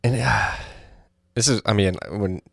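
Male podcast host, very low voice, dry sound, laid-back. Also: measured pace, gravelly, no room sound. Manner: relaxed, reactive, short interjections. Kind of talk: casual conversation.

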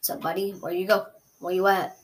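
A young woman commenting live on her own gameplay, chatty and excitable, trash-talking her opponent. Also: mid-range voice, brisk. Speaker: gaming streamer.

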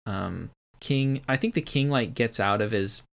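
A man co-hosting a podcast, discussing an old film with enthusiasm and halting often with fillers. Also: lowish voice, gravelly. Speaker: podcast co-host.

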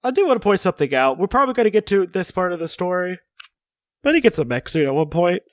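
A man's voice: high-pitched, very animated, quick pace, dry recording, studio quality. A man co-hosting a casual podcast chat, reading out a character profile with joking asides. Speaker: podcast co-host.

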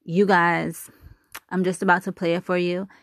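A woman's voice: fairly low pitch, level tone, moderate pace, dry recording, clean studio sound. A woman vlogger introducing a video she loves, in a gushing, enthusiastic way. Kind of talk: casual introduction to camera.

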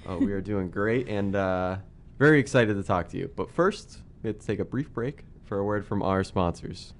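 A man with a very deep voice hosts a relaxed podcast interview. His questions come out loose and full of fillers as he feels his way through them. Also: normal speed. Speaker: podcast host. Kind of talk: casual interview.

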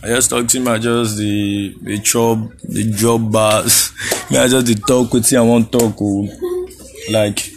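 Laid-back Nigerian man, low voice. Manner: laid-back, laughs often, slips into Pidgin phrases. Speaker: podcast host. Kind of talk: casual solo podcast monologue.

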